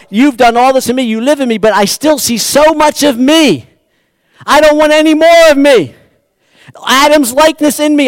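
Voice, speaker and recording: A man preaching a sermon to a congregation, moving between hushed, slow passages and fervent, rising exhortation, with folksy asides to his listeners. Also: high voice, clear, resonant tone, dry recording. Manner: shifts from hushed intimacy to impassioned, rising exhortation. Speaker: pastor. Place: church sanctuary.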